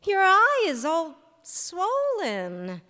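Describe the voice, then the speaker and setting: A woman's voice: very high-pitched, huge pitch swings, extremely slow, sharp tone, voice pushed up, full character voice. A woman voicing an anxious young woman who gasps and falters. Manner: gasping, faltering. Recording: long hall reverb, live stage.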